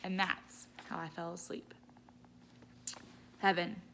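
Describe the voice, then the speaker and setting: A woman teacher gently reading a children's novel aloud. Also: on the low side, level tone, slow pace, creaky, slight background noise. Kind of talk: read-aloud storytelling.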